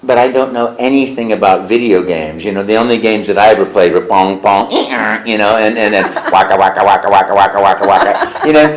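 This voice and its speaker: A man being interviewed as a voice actor, telling stories in an animated way and slipping into character voices. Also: lowish voice, a little fast, hardly any pauses, echoey room, poor audio. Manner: lively storyteller who slips into character voices. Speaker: voice actor guest. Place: convention interview room.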